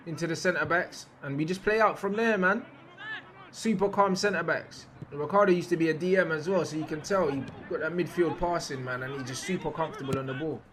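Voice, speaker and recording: A young man giving casual, slangy reaction commentary over football footage, repeating phrases and breaking into loud outbursts at big moments. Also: on the high side, slight background noise.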